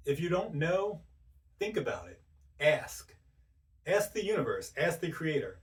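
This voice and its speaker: A man giving a motivational self-help talk, speaking directly to the listener in rapid strings of rhetorical questions. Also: a little high, sing-song, far from the mic. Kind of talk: motivational monologue.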